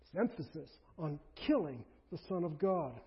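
A man preaching a sermon as a pastor, emphatic and rising to forceful peaks. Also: on the high side, big pitch swings, moderate pace. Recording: dull lo-fi sermon recording.

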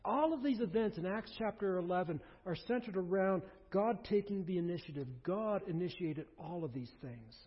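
A man preaching a sermon as pastor, conversational and animated, with asides and quoted voices. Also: high-pitched, normal speed, few pauses, breathy edge. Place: church sanctuary. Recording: dull sound with long reverb in a hall.

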